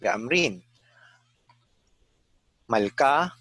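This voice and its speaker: A man reading words aloud slowly and hesitantly in a language lesson, repeating them after corrections. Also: medium pitch, animated, a bit bright, slightly rough, no room sound. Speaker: student.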